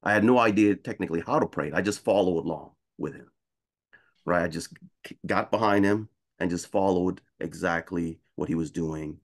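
A man on a video call panel telling a personal story in a conversational way, often checking in with "right?" and getting animated when he quotes other people. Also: deep voice, moderate pace. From United States.

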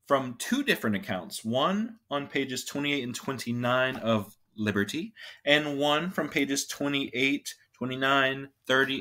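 A man reading two history book passages aloud for a class, expressive and storybook-like. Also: mid-range voice. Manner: expressive storybook reading, acts out quoted shouts. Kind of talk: read-aloud lesson.

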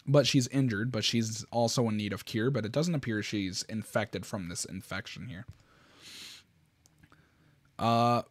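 A man hosting his own channel, chatting excitably through fan horror stories and swearing casually. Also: mid-range voice, dry recording, clean studio sound. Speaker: YouTube host. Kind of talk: casual reaction commentary.

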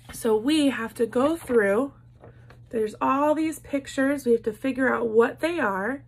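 Slow, patient woman teacher with a gravelly voice. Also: fairly high pitch, fairly bright tone. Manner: slow, patient, encouraging, claps out words syllable by syllable. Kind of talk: classroom lesson for young children.

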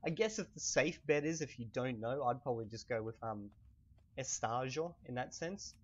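A man teaching a language lesson while playing a game, speaking softly and keeping his voice low, patiently repeating each phrase slowly. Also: animated, dull audio. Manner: soft-spoken, kept low. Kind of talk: casual lesson while gaming. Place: home room at night.

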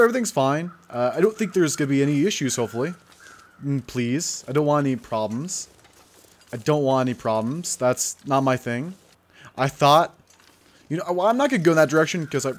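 A young man hosting a let's play, rambling and self-mocking as he talks over his game, jumpy and easily excited. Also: a little high. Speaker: gaming channel host.

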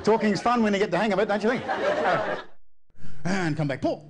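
A man's voice: high voice, fairly quick. A man performing a comedy magic act, teasing and joking with the audience and laughing at his own gags. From Australia. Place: corporate event venue. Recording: live show with loud crowd and noise. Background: loud audience laughter and chatter.

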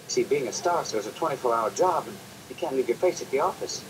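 Man acting out a polite male alien, sitcom acting, deferential report to his boss, average pitch. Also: lively intonation, quick pace, background noise, natural voice. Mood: earnest. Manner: polite, deferential, keeps saying sir.

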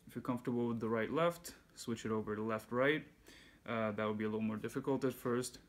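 A man with an ordinary middle pitch teaches a casual music lesson. He talks in a relaxed way and counts the beats aloud as he goes. Soft handpan notes ring faintly behind his voice. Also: quick pace. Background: handpan playing.

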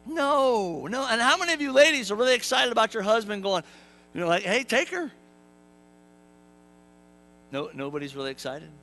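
A male pastor delivers a sermon in a church, keeping it casual and full of jokes, turning to the congregation as he talks. His voice sits high and rings bright and clear, and he slips into playful voices when he acts out the quotes. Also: lively intonation, fast, poor audio. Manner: joking, conversational preaching with asides to the congregation. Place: church sanctuary.

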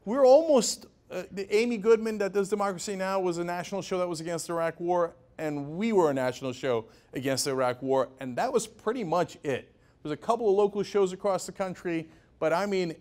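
A man in his forties tells his story with a high, lively voice that swoops up and down. He is sarcastic and emphatic, tossing in quick mock impressions of other people. It sounds like a talk given to an audience. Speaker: show founder and host giving a talk.

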